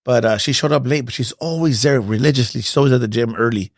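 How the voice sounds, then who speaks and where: Fast gravelly-voiced blunt coach. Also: male voice, mid-range voice, no echo, clean studio sound. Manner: blunt, profane storyteller. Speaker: boxing coach. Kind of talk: casual podcast chat.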